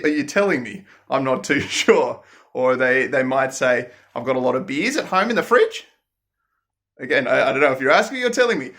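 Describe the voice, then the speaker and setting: A man's voice: medium pitch, a bit bright. A man with an Australian accent, a tour guide talking casually to camera in a playful, joking way.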